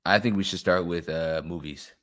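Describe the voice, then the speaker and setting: A young man co-hosting a podcast, chatting casually and excitably, swearing freely. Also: deep voice, normal speed. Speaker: podcast co-host. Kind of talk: casual chat.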